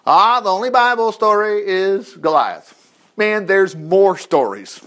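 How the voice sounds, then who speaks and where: A man reading the Bible aloud in an informal way, breaking in with excited exclamations and asides. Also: high voice, measured pace. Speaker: Bible teacher.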